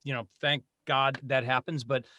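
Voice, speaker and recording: A man in his forties, a voice actor guest chatting casually on a podcast, animated and laughing often. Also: mid-range voice, moderate pace, no echo.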